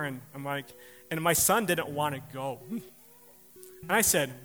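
A man's voice: a little high, measured pace, pauses often, fairly bright tone, soft background music. A man preaching a sermon, telling a personal story with laughs and acted-out quotes. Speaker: pastor.

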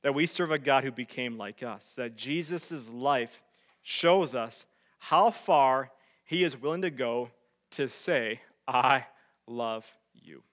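A male pastor preaching, dropping to hushed tones and rising to loud emphatic peaks as he tells a story. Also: mid-range voice, slow. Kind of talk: sermon.

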